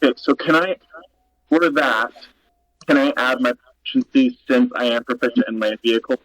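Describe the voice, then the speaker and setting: A man's voice: mid-range voice, moderate pace, a bit bright, poor audio. A man playing a tabletop game, thinking aloud and asking about the rules. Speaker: player. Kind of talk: casual tabletop game talk.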